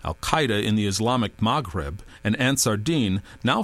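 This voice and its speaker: Expressive male audiobook narrator. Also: fairly low pitch, normal speed, dry recording. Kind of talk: scripted narration.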